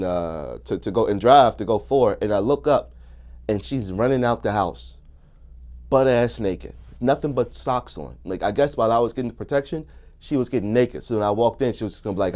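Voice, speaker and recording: A young man telling a crude story in casual chat, animated and bursting into shouts and laughter. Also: medium pitch. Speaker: comedian guest.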